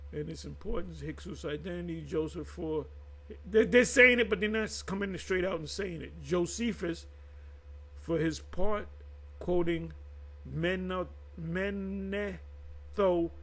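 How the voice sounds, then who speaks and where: A man hosting his own channel, giving casual unscripted commentary on Bible history. He reads sources aloud and talks in a rambling, halting way, with restarts, asides and emphatic direct address to his viewers. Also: high-pitched, fairly bright tone, breathy edge.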